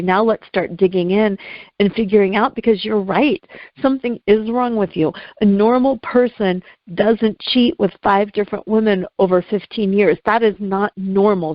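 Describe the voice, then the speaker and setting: A woman's voice: medium pitch, dry recording, muffled recording. A middle-aged woman speaking as an interview guest, telling a painful personal story in an earnest, heartfelt way, at times close to tears.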